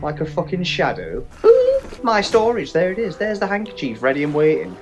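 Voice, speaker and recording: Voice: mid-range voice, moderate pace, lo-fi sound, faint music behind. A let's play host giving casual, jokey gameplay commentary with lots of swearing. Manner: animated, swearing, joking asides.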